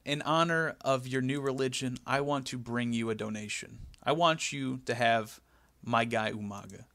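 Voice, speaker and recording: A man's voice: mid-range voice, normal speed, fairly bright tone, no room sound, natural voice. A man putting on a smug male wrestling manager with a showy mock Spanish accent. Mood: boastful.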